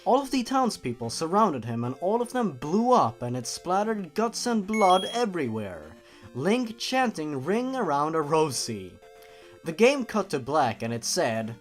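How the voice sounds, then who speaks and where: A man narrating a horror story for laughs, reading deadpan and breaking off into sarcastic asides. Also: on the high side, unhurried, faint music behind. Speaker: YouTube narrator.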